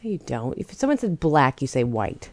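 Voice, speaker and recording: A woman's voice: a bass voice, sing-song, normal speed, no room sound, clean studio sound. A woman with a Midwestern accent co-hosting a podcast, teasing and laughing in casual chat. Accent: Midwestern American. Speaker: podcast co-host.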